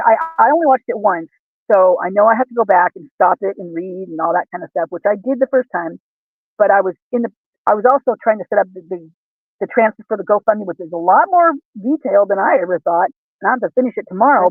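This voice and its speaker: A man's voice: high-pitched, quick pace, dry recording. A man in casual chat as a livestream guest, talking earnestly in a rambling, self-correcting way. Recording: tinny dry call audio.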